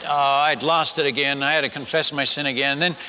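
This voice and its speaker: An older man from the Netherlands, a missionary telling a humorous sermon story, animated and acting out the people in it. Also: fairly high pitch, fairly quick, a little hiss or hum. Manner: animated, acts out villagers and his wife in quotes. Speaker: missionary speaker. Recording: long hall reverb.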